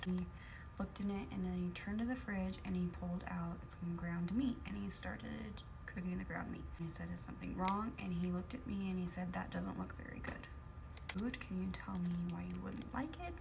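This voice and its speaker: A woman calmly recounting a personal story in a matter-of-fact way. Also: lowish voice, vocal fry, noisy background. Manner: calm, matter-of-fact retelling.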